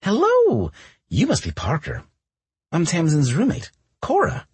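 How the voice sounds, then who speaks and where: Man putting on a cheeky young woman, raised voice, breathy and husky, blunt and playful, storybook romance. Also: mid-range voice, huge pitch swings, normal speed, no echo, voice pushed up, heavily acted. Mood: teasing. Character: bold teasing young woman roommate.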